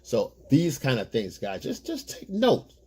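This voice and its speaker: Husky-voiced man giving casual advice. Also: medium pitch, wildly swooping pitch, a little slow, a little mellow. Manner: loose, rambling street-style talk addressed to "guys". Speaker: relationship coach.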